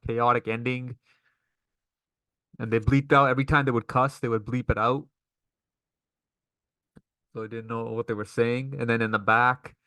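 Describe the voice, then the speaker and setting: A man's voice: medium pitch, fairly bright tone, smooth, dry recording. A man giving a casual, enthusiastic recap of a wrestling show, laughing often.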